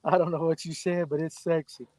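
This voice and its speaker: A man's voice: on the high side, flat delivery, a little fast, a little mellow, no echo. A man, trading bawdy jokes in casual banter as a fishing show host. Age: 50s. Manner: joking, bawdy, drawling.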